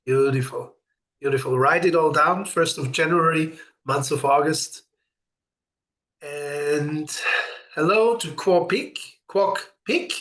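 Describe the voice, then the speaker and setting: Male host, pitched a touch high, earnest explainer leading a ritual session for viewers. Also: slow pace, fairly bright tone. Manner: earnest and explanatory, with brief laughs; greets viewers by name. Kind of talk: spiritual teaching talk.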